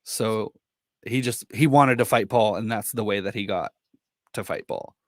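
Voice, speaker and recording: A man's voice: lowish voice, no echo, clean studio sound. Easygoing man talking movies. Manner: relaxed, agreeable, quick back-and-forth replies. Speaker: podcast co-host. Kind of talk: casual film discussion.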